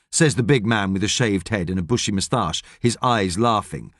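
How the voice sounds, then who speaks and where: A man narrating an audiobook with expressive storytelling. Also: fairly low pitch, moderate pace, few pauses, no room sound, clean studio sound. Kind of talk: scripted narration.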